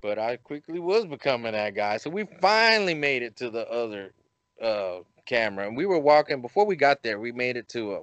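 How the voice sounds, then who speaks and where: A male podcast host tells a story in a casual, animated way, laughing at his own jokes, and his voice jumps up high whenever he quotes himself. There's no room sound.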